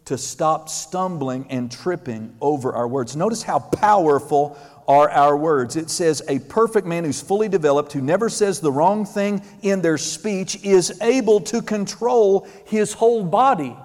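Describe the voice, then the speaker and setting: A man preaching a sermon, animated, acting out quotes and rising to shouts. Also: a little high, measured pace. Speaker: pastor. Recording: long hall reverb.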